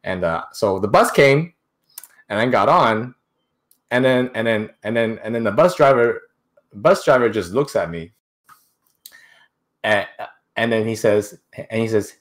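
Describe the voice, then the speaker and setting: Young man telling a story haltingly. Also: fairly low pitch. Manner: halting, many restarts and repeated words. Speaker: interview guest. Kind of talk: casual storytelling.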